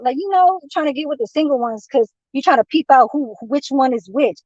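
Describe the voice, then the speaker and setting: A woman's voice: high-pitched, expressive, brisk, darkish tone, no echo, lo-fi sound. A woman venting in a rambling, profane monologue, heated and repetitive.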